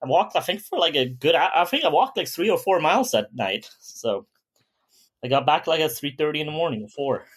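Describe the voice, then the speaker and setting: A man's voice: a little high, expressive, a little fast, husky. A man co-hosting a podcast in casual chat, laid-back and laughing as he tells stories. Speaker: podcast co-host.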